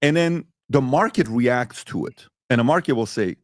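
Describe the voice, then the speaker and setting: A man hosting a debate show, animated and mimicking others as he argues a point. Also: medium pitch, moderate pace, no room sound, clean studio sound. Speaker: podcast host.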